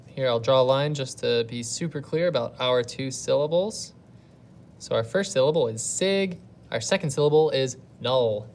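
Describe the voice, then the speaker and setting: A woman elementary teacher recording a lesson for pupils learning at home. She works through every question out loud, patient and methodical, pausing to weigh each choice. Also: very deep voice, slight background noise. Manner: patient, thinks aloud step by step.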